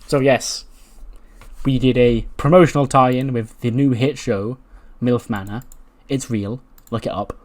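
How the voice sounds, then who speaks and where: A man's voice: medium pitch, fairly even intonation, a little slow, darkish tone. A man narrating a wrestling game playthrough in a chatty, casual way. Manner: chatty, laughs often. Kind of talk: casual let's-play recap.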